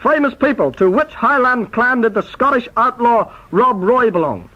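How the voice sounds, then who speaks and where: High, bright quizmaster. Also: male voice, animated. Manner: brisk, mock-formal announcing. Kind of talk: comic spoof quiz hosting. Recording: dull lo-fi tape recording.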